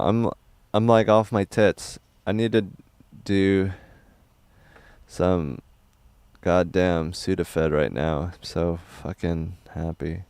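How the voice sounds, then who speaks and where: A young man livestreaming, reading chat questions aloud in a loose, rambling, crude and deadpan way. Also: low-pitched, takes it slowly, clean tone, dry recording.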